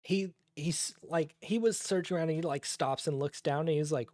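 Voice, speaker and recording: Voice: medium pitch, moderate pace, few pauses, a little mellow, no echo, studio quality. A game master narrating a tabletop game in a casual, profane way, full of fillers and restarts.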